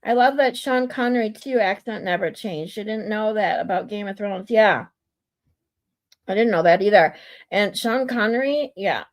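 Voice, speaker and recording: A woman's voice: mid-range voice, creaky. A woman hosting a casual livestream, musing aloud and trying out words for her viewers. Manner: musing aloud, slow, playful word practice. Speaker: streamer host.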